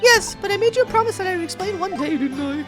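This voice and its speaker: A man voicing a polite, gentle young woman assistant from a mystery game in a soft, high falsetto. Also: lively intonation, fast talker, over loud music. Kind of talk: reading game dialogue aloud.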